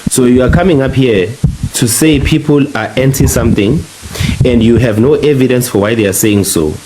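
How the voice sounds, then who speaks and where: A man's voice: medium pitch, dark tone, a little hiss or hum, poor audio. A man hosting a live-stream panel debate, pressing a guest with firm, cross-examining questions. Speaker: panel host.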